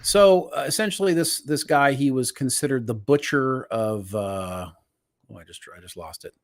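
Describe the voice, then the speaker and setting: A man's voice: mid-range voice, moderate pace. Man recapping episodes on a podcast. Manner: walks through episodes step by step, restarts often. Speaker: podcast co-host. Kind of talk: casual pop culture chat.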